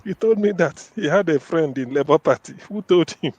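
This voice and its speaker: A man's voice: on the high side, lively intonation, fairly quick, a little mellow. A man giving his closing statement in a casual discussion, repeating words for stress. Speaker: caller giving a final statement.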